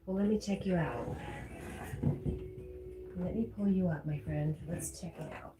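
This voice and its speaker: A woman's voice: lowish voice, measured pace. A woman hosting a casual livestream, reading viewer comments aloud and laughing often. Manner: chatty, laughs often, reads chat aloud. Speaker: livestream host. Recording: roomy echo with faint music.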